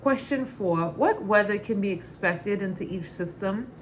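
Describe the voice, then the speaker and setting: A woman putting on her mother's Brooklyn accent to read out exam questions in an exaggerated, drawn-out way. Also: medium pitch, expressive, a little hiss or hum, close to an everyday voice. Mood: quizzing. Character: brassy middle-aged Brooklyn mom quizzing a pilot.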